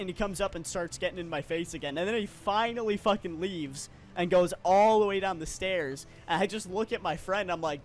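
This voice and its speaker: A man's voice: sits high, fairly quick, few pauses, faint music behind. A young man co-hosting a podcast, telling a story in a casual, profane, rambling way, full of restarts. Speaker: podcast co-host.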